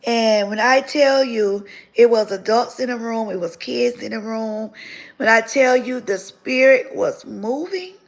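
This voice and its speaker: A woman tells her own story to her viewers. Her voice sits slightly high, with a gravelly edge. She speaks with animated, repeating emphasis. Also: measured pace. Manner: animated storytelling, repeats phrases, grows tearful. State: tearful near the end. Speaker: channel host telling her story. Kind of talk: emotional testimony to viewers.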